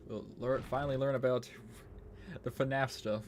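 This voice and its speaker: A man's voice: medium pitch, steady tone, moderate pace, slight background noise. Male streamer, offhand chat while playing, swears a lot and circles back on himself. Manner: rambling and profane, full of "it's like". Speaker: gaming streamer. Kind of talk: casual gaming stream chat.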